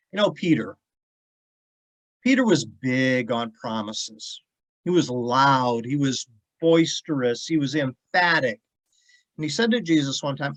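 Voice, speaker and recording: A man's voice: on the high side, a bit bright, rough recording. A man as a pastor giving an earnest devotional sermon and reading scripture, stressing points by repeating words. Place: church devotional video.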